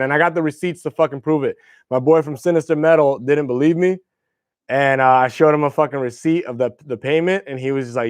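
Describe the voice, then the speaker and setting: Rambling casually on his livestream, a young host spins profane stories about guitars. His voice is fairly high-pitched, and the recording has no room sound.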